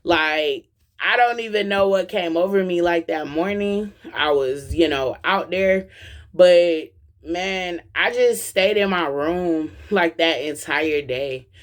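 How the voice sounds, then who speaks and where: Speaking slowly in a lowish voice, this young vlogger from Atlanta gives an impassioned personal testimony full of slang. She has a Southern US accent and preaches directly to the people watching.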